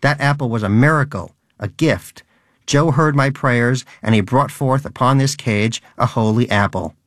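A man's voice: mid-range voice, normal speed, no room sound, clean studio sound, lightly acted. A man voicing a devout, earnest male hamster in an audiobook, preachy in tone. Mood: fervent.

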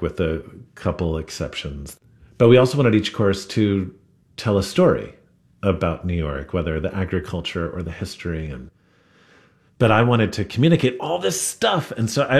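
A man guesting on a radio interview, telling reflective stories about running a restaurant. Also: sits low. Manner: reflective, storytelling. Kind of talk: interview conversation.

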